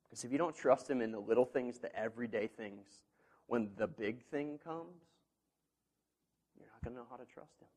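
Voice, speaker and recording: A man preaching a sermon as pastor, earnest and conversational, swinging between quiet, intimate asides and loud, emphatic passages. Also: mid-range voice, moderate pace. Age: parent of children. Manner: earnest, with conversational fillers and restarts.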